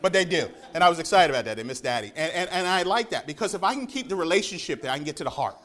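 A man preaching to his church in a fairly high voice for a man. He gets animated and stumbles over repeated words as he builds up a point. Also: racing. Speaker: pastor. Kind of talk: sermon.

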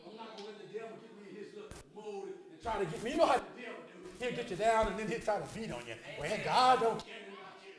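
Brief: older man preacher, very high and hollering, echoey church with a crowd behind. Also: lively intonation, racing, hardly any pauses. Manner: hollering, playful, call-and-response with the congregation. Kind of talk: lively church sermon. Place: church hall with congregation.

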